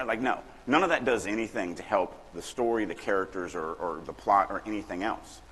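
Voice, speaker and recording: A middle-aged man from Louisiana lectures at a writers' conference, joking with the crowd and acting out his examples. His voice sits a little low and has a husky edge. The sound rings with the long reverb of a large hall. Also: moderate pace, few pauses. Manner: animated, joking, acts out examples. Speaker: writing workshop speaker.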